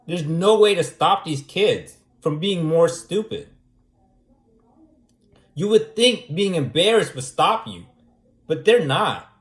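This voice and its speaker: A man's voice: fairly high pitch, expressive, slow pace, pauses often. A man in a casual monologue who argues his point over and over and keeps asking "right?". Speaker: vlogger. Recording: echoey room.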